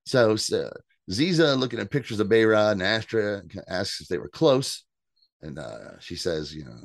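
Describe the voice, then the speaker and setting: A man co-hosts a podcast and recaps an episode in casual, animated chat, swearing freely and jumping up in pitch to act out quotes. His voice sits on the low side and is recorded close and dry, with no room sound. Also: normal speed, creaky, no echo. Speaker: podcast co-host.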